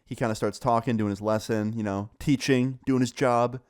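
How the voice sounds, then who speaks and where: A young man casually telling a school story, animated and swearing, acting out what others said. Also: medium pitch, normal speed, smooth. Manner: animated, swearing, acts out quoted voices. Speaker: storyteller vlogger.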